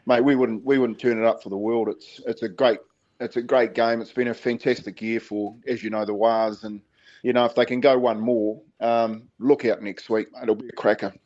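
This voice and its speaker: A man's voice: medium pitch, fairly even intonation, moderate pace, a little mellow, muffled recording. A man from New Zealand, a former player turned commentator, chatting casually in a radio interview over the phone, with fillers and easy laughs. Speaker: guest, rugby league commentator. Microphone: phone line.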